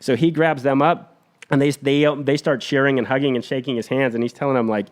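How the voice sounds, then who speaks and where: A man on a podcast retelling a war story in an energetic, blunt, profane way. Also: mid-range voice, a little fast.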